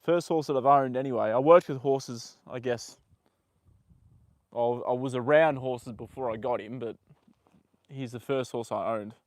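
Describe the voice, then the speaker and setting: A man's voice: mid-range voice, measured pace, pauses often, no echo. Give me a young man chatting casually on a livestream from a horse paddock, rambling, swearing lightly and talking to his horse between stories. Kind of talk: casual live chat.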